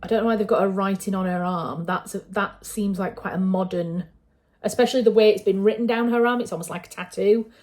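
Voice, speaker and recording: A northern woman with a Yorkshire accent talks through a film trailer in a relaxed, chatty way. Her voice is mellow and warm, sitting at a middle pitch. She wanders off on tangents, filling her pauses and correcting herself as she goes. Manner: chatty and digressive, with frequent fillers and self-corrections. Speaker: writer and channel host. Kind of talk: casual trailer reaction commentary.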